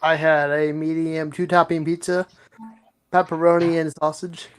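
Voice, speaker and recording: A man's voice: fairly high pitch, flat delivery, moderate pace, smooth. A man in a casual group chat, matter-of-fact and joking.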